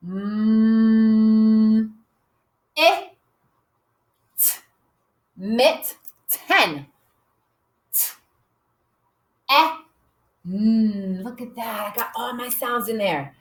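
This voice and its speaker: A woman teacher slowly modeling a writing lesson for young children, sounding out letters with cheerful emphasis. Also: fairly high pitch. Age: adult. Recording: echoey room.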